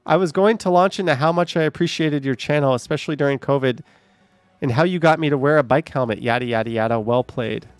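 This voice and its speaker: A man's voice: mid-range voice, quick pace, clean tone, no echo, soft background music. A man hosting a casual livestream, reading out chat comments with joking, sarcastic asides and a bit short of breath.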